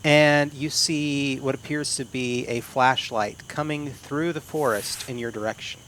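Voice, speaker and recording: A man, narrating as game master in an unhurried, descriptive way. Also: medium pitch, steady tone, fairly bright tone, a little hiss or hum.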